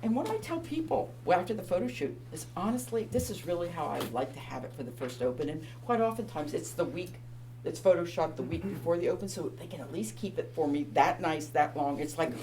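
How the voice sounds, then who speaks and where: A woman realtor presenting a home staging seminar, chatty and emphatic with quick practical asides. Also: lowish voice, animated, darkish tone, slight background noise. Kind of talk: presentation to an audience.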